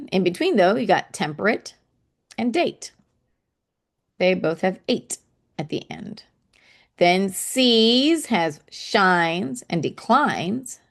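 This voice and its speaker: A woman explaining poetry to children in a casual teaching manner, often checking in with "okay?" and tapping out rhythms aloud. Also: mid-range voice.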